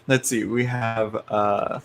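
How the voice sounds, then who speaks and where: A man hosting a live tarot reading stream, rambling along with lots of fillers and restarts and frequent chuckles. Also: lowish voice.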